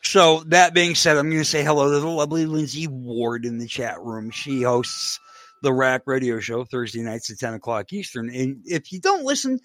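A man's voice: medium pitch, fairly even intonation, moderate pace, fairly bright tone, no room sound. Rambling joking Canadian-raised man. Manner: rambling, joking, restarts often. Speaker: co-host. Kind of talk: casual podcast chat.

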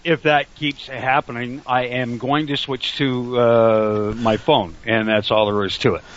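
A man's voice: medium pitch, steady tone, unhurried. A middle-aged man hosting an online talk radio show, rambling and joking crudely over a call mic. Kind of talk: casual talk radio banter. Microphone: computer call mic. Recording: dull lo-fi online call audio.

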